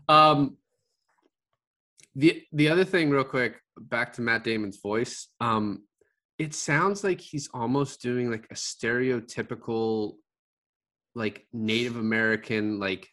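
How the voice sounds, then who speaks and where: A man in a relaxed movie review chat. He rambles, restarts his sentences and fills the gaps with ums and likes. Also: mid-range voice, slow pace. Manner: rambling, many fillers and restarts, laughs often. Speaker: podcast co-host.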